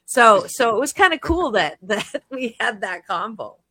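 A woman's voice: a little high, very animated, measured pace, sharp tone, husky, no room sound. A woman hosting a show, chatting casually and teasing with sarcasm. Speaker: host. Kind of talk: casual chat.

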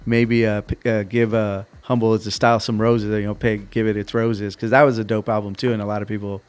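Low-voiced man chatting casually as host. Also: little pitch movement, a little fast, smooth. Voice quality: voice cracking. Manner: laid-back, storytelling with lots of fillers. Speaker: podcast host. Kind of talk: casual interview chat.

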